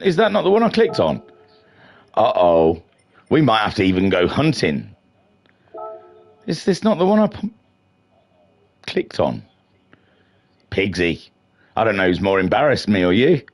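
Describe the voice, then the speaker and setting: A man's voice: medium pitch, creaky. A middle-aged man hosting a racing league stream in a chatty, self-mocking, slightly flustered way. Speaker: league race stream host. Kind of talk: casual live-stream race commentary.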